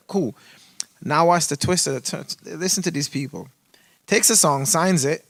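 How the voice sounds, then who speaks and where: Animated man telling a story. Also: on the high side, moderate pace. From Toronto, Canada. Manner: animated, profane, acts out quoted voices. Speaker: guest musician. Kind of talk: casual storytelling in a podcast chat.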